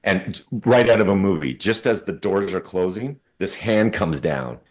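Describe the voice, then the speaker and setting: A man in his fifties, a podcast guest, telling a story in a casual, animated way, swearing freely and laughing as he goes. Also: low-pitched, moderate pace.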